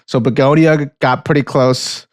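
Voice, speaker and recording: A man's voice: mid-range voice, steady tone, unhurried, dry recording, clean studio sound. Laid-back man chatting about movies. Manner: laid-back, rambling, frequent "yeah" and "like". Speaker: podcast co-host. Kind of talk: casual movie podcast chat.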